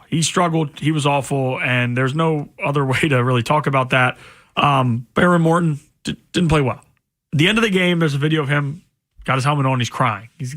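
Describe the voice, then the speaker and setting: A male sports radio co-host with a slightly higher voice, speaking into a studio microphone. He delivers his takes bluntly and with open exasperation. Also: fairly bright tone.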